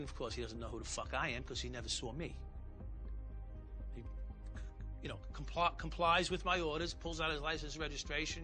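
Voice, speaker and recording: A man's voice: fairly high pitch, bright, forceful tone. A man who is a former police officer, bluntly recounting events in a documentary interview and swearing heavily. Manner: blunt, heavy swearing, reenacts confrontations.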